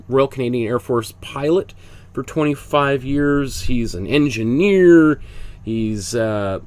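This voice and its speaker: A man with a stuffy, congested voice leads a casual painting lesson. He chats along in a mid-pitched voice and explains each step as he goes. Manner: chatty, explains step by step while working. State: congested with a cold. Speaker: art instructor.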